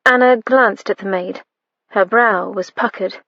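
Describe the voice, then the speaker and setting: A woman reading an audiobook in a measured, even storytelling manner. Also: medium pitch, dry recording, lo-fi sound. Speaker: audiobook narrator. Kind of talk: scripted narration.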